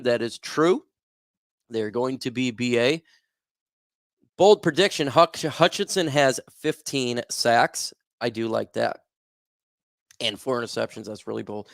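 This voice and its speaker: A young livestream host chats casually on a sports stream, reading viewer comments aloud and riffing on them loosely with lots of ums and restarts. His middle-pitched voice has some vocal fry, and the recording is dry and close with no room echo.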